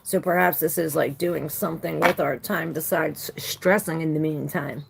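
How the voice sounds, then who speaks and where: A woman's voice: low voice, fairly even intonation, moderate pace, gravelly, background noise. A woman doing a casual live tarot reading who talks loosely, swears freely and greets viewers by name. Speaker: tarot reader.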